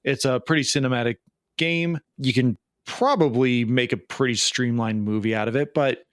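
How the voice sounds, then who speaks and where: A man's voice: medium pitch, fairly even intonation, normal speed, no echo, studio quality. A man co-hosting a podcast in casual chat, rambling and jokey, often laughing. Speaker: podcast co-host.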